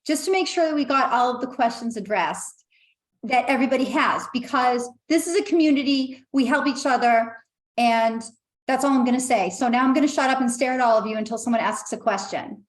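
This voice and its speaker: A woman's voice: fairly high pitch, brisk, roomy sound. A woman hosting an online meetup over a video call, chatty and reading out comments from the chat. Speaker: meetup host.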